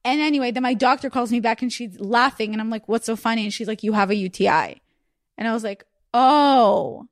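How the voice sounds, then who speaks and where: A young woman hosts a podcast in casual chat, talking fast with a higher voice. She tells stories animatedly and acts out the voices in her quotes. The sound is dry and close. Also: no echo. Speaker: podcast host.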